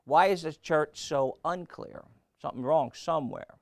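A man's voice: on the high side, moderate pace, gravelly, no echo. A man preaching a sermon, emphatic and rhetorical, firing questions at the congregation and repeating phrases for effect.

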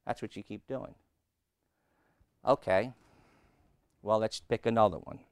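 A man's voice: on the low side, a little slow, darkish tone, clean tone, no room sound, studio quality. A man preaching a conversational sermon in a plainspoken, folksy way, often turning to the listeners with rhetorical questions.

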